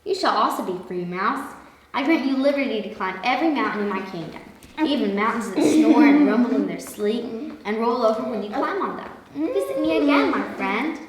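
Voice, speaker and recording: A woman's voice: a little high, big pitch swings, a little fast, a little hiss or hum. Woman reading as a lazy proud lion king. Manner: lazy, mocking, grand. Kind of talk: storybook character reading. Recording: echoey room, voice from far off.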